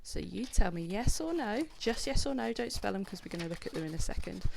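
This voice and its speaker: A woman's voice: medium pitch, animated, fairly quick, gravelly, background noise. Encouraging woman teaching children phonics. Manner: encouraging, praises children by name, counts down. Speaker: homeschool teacher. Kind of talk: live online phonics lesson for children.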